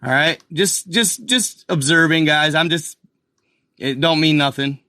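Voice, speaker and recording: A man hosting a casual live commentary, rambling excitably and calling out to viewers as guys and y'all. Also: fairly high pitch, unhurried, no room sound. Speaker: channel host.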